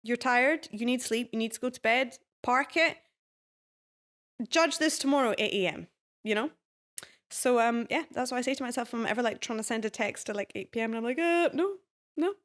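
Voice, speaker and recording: A bright-pitched Scottish woman in her twenties chats away as a podcast guest. She is animated and lively, laughing often as she talks. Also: a little fast. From Scotland. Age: 20s. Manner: chatty and animated, laughing easily. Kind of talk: casual interview chat.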